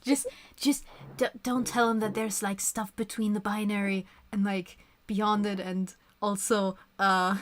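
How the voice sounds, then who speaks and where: A woman's voice: mid-range voice, flat delivery, measured pace. A woman co-hosting a podcast in casual chat, giggling often and adding joking remarks. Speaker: podcast co-host.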